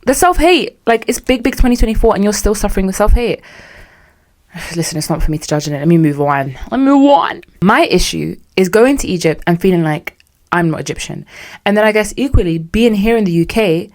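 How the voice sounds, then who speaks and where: A young woman with a British accent talks on her own podcast, candid and conversational. Her voice sits a little low, and she slips into dry sarcasm as she talks. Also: expressive, fairly quick, darkish tone. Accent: British English. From United Kingdom. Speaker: podcast host. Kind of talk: solo podcast chat.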